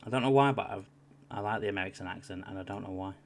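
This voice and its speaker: A male co-host of a wrestling podcast, chatty and reassuring in a relaxed way. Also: sits low, rapid-fire, a little hiss or hum.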